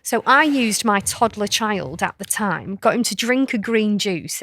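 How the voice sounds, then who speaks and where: Woman, thirties, animated storyteller, podcast co-host, dry close mic. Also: medium pitch, measured pace, few pauses, no echo. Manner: animated, laughs often, acts out voices in stories. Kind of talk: casual storytelling chat.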